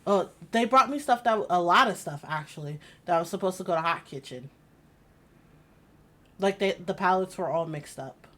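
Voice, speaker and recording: A woman's voice: fairly low pitch, expressive, normal speed, pushed and bright. A woman streaming a game, chatting casually, rambling through stories and laughing often.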